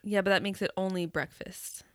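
A young adult woman chats as co-host on a casual podcast, laughing often and answering in quick, short bursts. Her voice sits at a middling pitch in a dry, close recording. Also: fairly even intonation, a bit bright, no echo. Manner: chatty, laughs easily, quick short replies. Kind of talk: casual chat.

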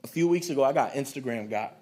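A man's voice: medium pitch, lively intonation, fast talker, a little mellow. A man preaching a sermon as a pastor, speaking to his church in a conversational, storytelling way.

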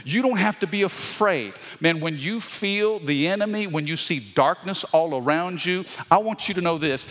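A man's voice: on the high side, fairly bright tone. A male pastor preaching a sermon with call-and-response and folksy asides. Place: church sanctuary. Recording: long hall reverb.

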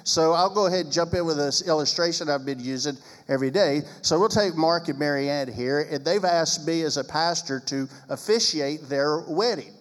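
Male pastor with a slightly high voice and an emphatic, sarcastic delivery, recorded with long reverb. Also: moderate pace, hardly any pauses. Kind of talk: preaching-style talk on marriage.

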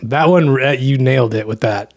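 A man co-hosting a casual podcast, flustered and quick to laugh. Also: medium pitch. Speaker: podcast co-host. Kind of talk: casual chat.

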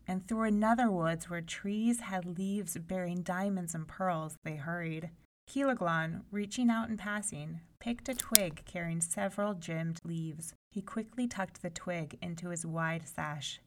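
A woman reading a fairy tale aloud in an expressive, animated storytelling style. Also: on the low side, measured pace.

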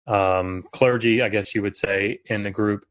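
Man, lowish voice, hesitant, frequent fillers, casual podcast chat. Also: fairly even intonation, unhurried, a bit bright. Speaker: guest expert.

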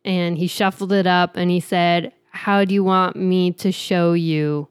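A woman co-hosting a casual podcast who tells lively, playful stories. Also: on the low side, measured pace, clean tone, no room sound. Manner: animated storyteller, playful. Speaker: podcast co-host. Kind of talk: casual chat and storytelling.

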